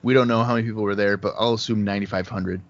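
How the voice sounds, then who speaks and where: A man with a somewhat low voice co-hosts a casual podcast, reeling off results in a dry, even stream. He talks over a remote call headset, so the sound is dull and lo-fi. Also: racing. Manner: rattles off lists of results in a dry, even run. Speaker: podcast co-host. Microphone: remote call headset mic.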